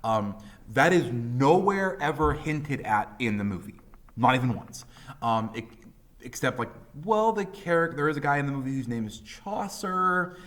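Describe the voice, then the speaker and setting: A man in his thirties lecturing as a high school English teacher, talking casually and animatedly with many fillers and voiced quotes. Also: very animated, a little slow, a bit bright. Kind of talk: classroom lecture.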